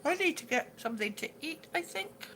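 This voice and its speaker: A high-pitched, gravelly middle-aged woman chats live with her viewers in a bright voice. She rambles, repeats herself and trips over words, laughing it off, over a faint background hiss. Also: animated, fairly quick. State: ringing in the ears, yawning, hungry. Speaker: livestream host reading viewer comments. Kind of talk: casual live chat with viewers.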